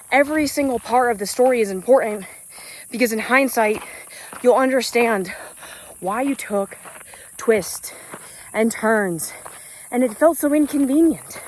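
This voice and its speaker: A woman's voice: on the high side, a little hiss or hum. A woman giving an earnest, rambling motivational talk while hiking outdoors, slightly out of breath, recorded on a phone without a mic. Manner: earnest, uplifting, loose and rambling with fillers. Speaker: spiritual business coach. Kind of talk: unscripted motivational vlog on a walk. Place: outdoors on a hiking trail in nature. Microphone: phone without an external mic. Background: crickets and insects.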